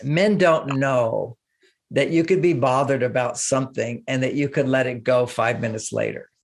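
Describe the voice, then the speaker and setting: An older man, a relationship author, talking casually in an interview, animated and acting out quoted speech. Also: medium pitch, moderate pace.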